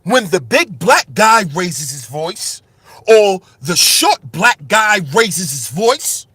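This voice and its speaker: On his own channel, a male commentary host speaks slowly in a high, sing-song, husky voice with a sharp tone and no echo. His monologue is impassioned, full of rhetorical questions and repetition, and he raises his voice with fervor.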